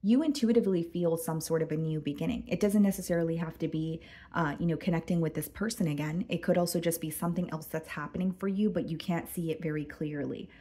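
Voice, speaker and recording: A woman giving a casual tarot reading to her viewers, chatty and full of fillers, a bit hoarse and clearing her throat. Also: low voice, fairly even intonation, fast talker, mellow. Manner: chatty, addresses viewers as guys, many fillers. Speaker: tarot reader.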